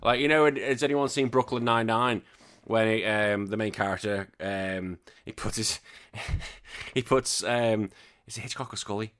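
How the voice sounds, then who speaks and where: A man's voice: lowish voice, fairly even intonation, unhurried, a bit bright, smooth. A British man hosting a retro gaming podcast, chatting casually and rambling, correcting himself and laughing as he goes. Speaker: podcast host. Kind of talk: casual solo chat.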